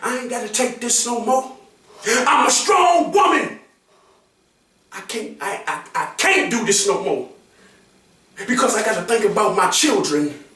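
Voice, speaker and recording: A man's voice: high voice, expressive, measured pace, long pauses, pushed and bright, heavily acted. A man voicing an abused woman who is fed up and declares her strength defiantly. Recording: very echoey room, voice far from the mic.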